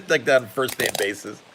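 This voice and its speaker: A man's voice: medium pitch, fairly bright tone, a little hiss or hum, low-quality recording. A man hosting a casual card-collecting live stream, chatty and laughing often while he sorts cards at his table.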